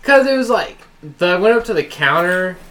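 A man's voice: high-pitched, expressive, a little fast, fairly bright tone. Laid-back man, rambling. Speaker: podcast guest. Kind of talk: casual chat.

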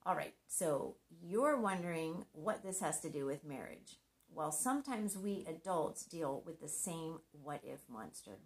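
Middle-aged woman speaker, lowish voice, earnest devotional talk with a light touch of humor. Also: big pitch swings, unhurried. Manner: earnest and conversational, with gentle humor. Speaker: Christian marriage speaker.

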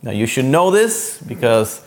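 A man delivering a sermon in a relaxed, explanatory way, as though walking listeners through a lesson. His voice sits at an ordinary middle pitch. He often checks in with his audience with quick asides. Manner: conversational teaching, frequent "you know" and "okay". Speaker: preacher.

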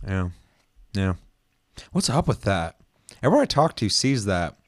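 A man co-hosting a podcast, chatting casually and telling animated, profane stories with acted-out quotes. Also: lowish voice, measured pace, no echo, clean studio sound. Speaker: podcast co-host. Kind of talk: casual chat.

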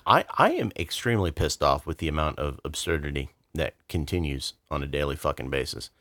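A man's voice: rumbling low, animated, fairly quick, bright, forceful tone, dry recording, clean studio sound. A man co-hosting a podcast, talking bluntly with swearing and stammered restarts. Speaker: podcast co-host. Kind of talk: casual political chat.

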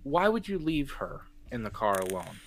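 Animated man recapping a horror movie. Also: medium pitch, normal speed, slight background noise. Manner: animated storyteller acting out scenes. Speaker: podcast co-host. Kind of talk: casual movie recap chat.

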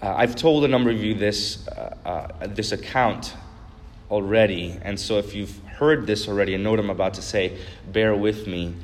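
A man's voice: lowish voice, normal speed. A man preaching a sermon as a pastor, telling a story earnestly and building to emphatic repeated points. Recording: long reverb of a large hall.

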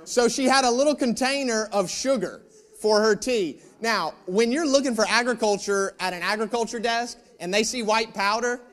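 A male pastor with an extremely high-pitched voice tells a personal story from the pulpit at a moderate pace. He's animated and self-mocking, tossing asides to the room.

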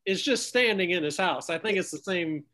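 A man's voice: sits high, animated, moderate pace, pushed and bright. A man casually recapping a cartoon episode with friends, laughing often as he talks. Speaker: podcast co-host. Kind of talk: casual chat.

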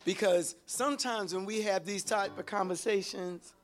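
A male pastor delivers an animated sermon in call-and-response style. His voice sits high for a man, and he swings from near-whispered asides to shouted exclamations. Soft music plays faintly behind him. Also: moderate pace. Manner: animated, call-and-response preaching with sudden shifts from hushed to shouted.

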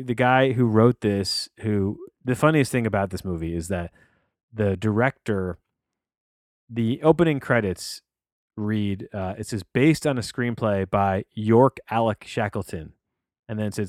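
A podcast host reviews films in a casual, rambling way, restarting often and leaning on fillers. His voice is medium-pitched, and the studio-quality recording has no room sound.

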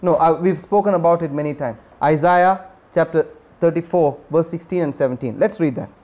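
A man's voice: fairly high pitch, brisk, darkish tone. A man preaching a sermon, repeating key phrases and putting questions to his listeners. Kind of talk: sermon teaching.

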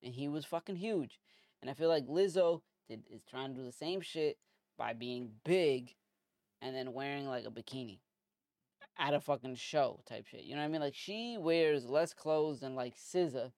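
A man's voice: medium pitch, moderate pace, a little mellow, dry recording, studio quality. A man from the US hosting a podcast, ranting casually with heavy profanity and lots of filler words. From United States. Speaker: podcast host. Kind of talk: casual commentary monologue.

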